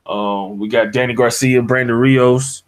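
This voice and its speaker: A man's voice: mid-range voice, steady tone, a little slow. A man hosting a casual online hangout, talking loosely in slang with lots of "uh"s, over an online call mic. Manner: loose slangy talk with many "uh"s. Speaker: podcast host.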